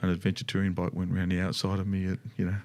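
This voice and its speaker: Speaking very fast in a low, monotone voice with a darkish tone, a middle-aged Australian co-host from a motorcycle dealership chats casually about riding. His talk meanders, full of restarts and side comments.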